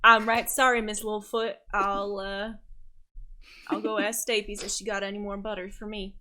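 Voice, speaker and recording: A woman's voice: medium pitch, flat delivery, moderate pace, bright, forceful tone, lightly acted. A sheepish, apologetic fellow with a rustic turn of phrase, as a woman game master plays him. His voice stays close to her own. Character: sheepish man with a rustic way of speaking.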